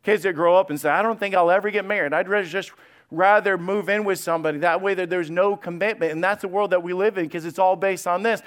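High, clear-voiced preaching pastor. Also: male voice, fast. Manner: preaches with rising passion, quoting scripture in an excited voice. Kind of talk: sermon.

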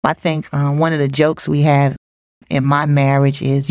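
A woman co-hosting a relationship talk show, chatting casually about communication, laughing often and acting out lively quotes. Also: low-pitched, moderate pace, no echo, studio quality. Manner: lively, laughs often, animated quoting of others. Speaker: podcast co-host.

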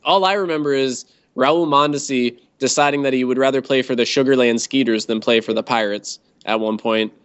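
A man's voice: mid-range voice, brisk, few pauses, clean tone. A man co-hosting a casual sports podcast, talking with dry sarcasm and frequent laughs. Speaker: podcast co-host. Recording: dull lo-fi sound.

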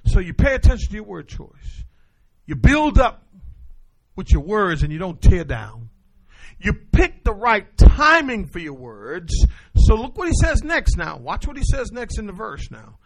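Male pastor, animated call-and-response sermon, voice pitched high and swinging widely. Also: breathy edge.

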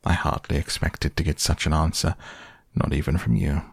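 A man voicing a stern, wise old wizard, speaking gravely and measuredly in an audiobook. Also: very deep voice, fairly even intonation, normal speed, dry recording, studio quality, heavily acted. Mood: amused. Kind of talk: audiobook character voice.

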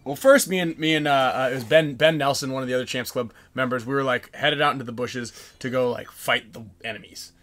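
A man hosting a podcast, telling a lively story in casual chat and acting out the people in it. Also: mid-range voice, fast talker, few pauses. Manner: animated storyteller, acts out voices, frequent laughs. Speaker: podcast host.

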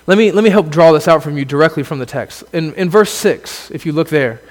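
High-voiced pastor preaching in a hall. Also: male voice, a little fast. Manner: earnest, builds to emphatic exclamations then drops low. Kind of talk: sermon.

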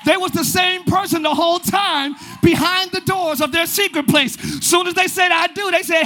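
A man preaches to a church congregation in a very high, bright, forceful voice. He is animated, often breaks into shouts, and slips into little acted-out voices of the people he describes. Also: normal speed, hardly any pauses, soft background music, a faint crowd. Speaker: pastor. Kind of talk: sermon. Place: church sanctuary.

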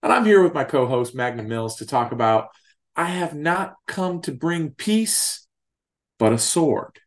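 A man's voice: on the high side, very animated, unhurried, slight background noise. A man hosting a TV-show discussion podcast, joking in a mock-grandiose, profane way. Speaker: podcast host. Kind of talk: casual podcast chat.

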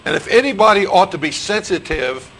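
A man in middle age preaches a sermon from a church pulpit, his voice a little high with a gravelly, creaky edge. He fires questions at the congregation and repeats them, often restarting phrases mid-thought. A faint hiss of noise sits under the recording. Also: animated, a little fast, fairly bright tone, poor audio. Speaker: pastor. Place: church sanctuary.

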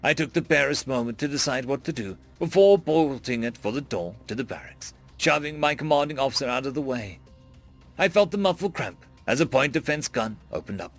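A male narrator telling a tense first-person story with a lively, rising and falling delivery. His voice stays mid-pitched and he jumps much higher for frantic quoted lines. Faint music plays behind him. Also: fairly quick. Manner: voices characters' panicked shouts with big pitch jumps.

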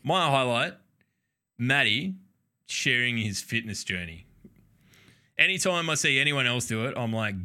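A man chats loosely on a podcast, swearing freely and breaking into laughter often. His voice has a bright, forceful edge that cuts through, landing at a middling pitch for a man. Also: lively intonation, a little slow, long pauses. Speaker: podcast co-host. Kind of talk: casual chat.

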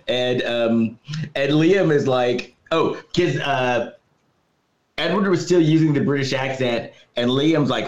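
A man's voice: medium pitch, slow, pauses often, roomy sound, dull audio. A man co-hosting a podcast, recapping a movie's plot scene by scene in casual chat and laughing as he goes. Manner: laughing, storytelling recap with quoted lines. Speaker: podcast co-host.

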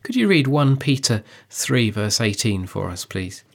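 A man discussing how to preach a passage, speaking in an earnest, measured way with emphasis on key phrases. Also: mid-range voice, sing-song, vocal fry. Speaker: preacher giving a preaching guide. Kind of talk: teaching dialogue on sermon preparation.

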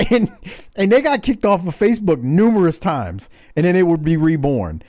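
A man's voice: high voice, big pitch swings, a little slow, dark tone, dry recording, studio quality. A man, a podcast co-host, chatting casually and laughing often as he brings up topics. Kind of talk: casual chat.

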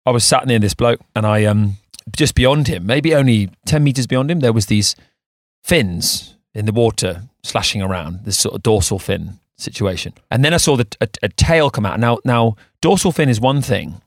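A man's voice: fairly low pitch, lively intonation, normal speed, no echo, clean studio sound. A man co-hosting a surf podcast, telling a story in a rambling way with frequent restarts. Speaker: podcast co-host. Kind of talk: casual chat.

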